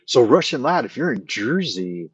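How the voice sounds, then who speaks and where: A man's voice: mid-range voice, very animated, moderate pace, husky, no room sound. A man hosting a casual late-night chat, rambling and thinking aloud with many fillers as he answers his viewers. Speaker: livestream host answering chat.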